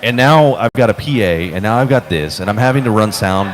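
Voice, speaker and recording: A man's voice: on the low side, lively intonation, a little fast, some chatter behind. A man co-hosting a live podcast and running the sound, joking as he goes. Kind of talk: casual live podcast chat.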